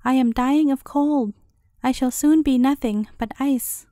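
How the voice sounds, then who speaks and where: A freezing thorn bush on the verge of turning to ice pleads for warmth in a high, mellow voice, as a woman reads it out. The storybook reading sounds close and dry. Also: a little slow, dry recording. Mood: pleading.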